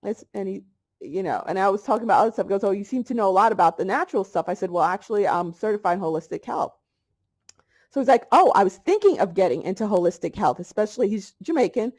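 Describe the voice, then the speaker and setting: A woman's voice: mid-range voice, a little mellow. A middle-aged woman vlogging about holistic health, telling a story in a chatty way and acting out both sides of a conversation. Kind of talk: casual spiritual monologue.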